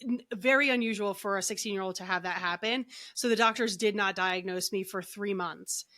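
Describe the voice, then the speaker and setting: A woman's voice: medium pitch, fairly quick, pushed and bright. A middle-aged woman, a guest on a podcast, telling her story in a chatty way, full of "like" and restarts. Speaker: guest, energy healer and author. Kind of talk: casual podcast interview storytelling.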